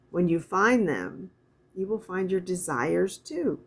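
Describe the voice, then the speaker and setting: A middle-aged woman giving a casual spiritual oracle card reading, talking in a soft, meandering way and reading card texts aloud slowly. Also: on the low side, expressive, slightly rough.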